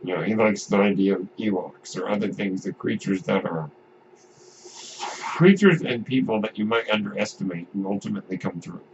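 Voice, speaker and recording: Speaking a little fast, with vocal fry and a voice on the low side, a man hosts a podcast about movies. He rambles casually, frequently restarting and going off on asides, in a dull lo-fi recording with faint noise.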